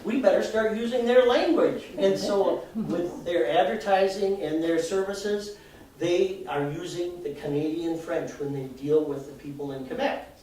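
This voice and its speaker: A man's voice: high voice, a little slow, mellow. A man from Minnesota giving a chatty live talk to an audience, explaining with examples and laughing at himself. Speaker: presenter. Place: arts center event room, indoors. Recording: echoey hall, voice from far off, faint noise.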